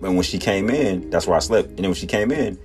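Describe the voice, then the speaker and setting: A man in his thirties with a very low voice tells childhood stories on his podcast in a loose, casual way. He laughs often and jumps into high voices when quoting people. Faint music plays underneath. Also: quick pace. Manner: laughs often, animated storytelling, acts out quotes in high voices. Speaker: podcast host. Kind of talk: casual storytelling.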